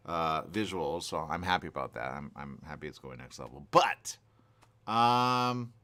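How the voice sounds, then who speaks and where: A man's voice: rumbling low, unhurried. A man hosting a radio talk show, giving opinionated news commentary in an emphatic, repetitive way. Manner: animated, emphatic, repeats himself.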